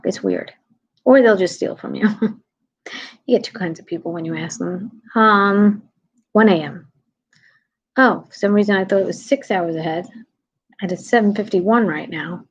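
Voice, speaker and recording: A husky-voiced woman from New talks in a loose, animated livestream ramble. Her energy swings from loud bursts to hushed whispered asides. The sound is slightly dull and lo-fi, like a phone or webcam stream. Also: medium pitch, normal speed. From New York City. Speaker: comedian livestreaming to viewers. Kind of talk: casual livestream chat.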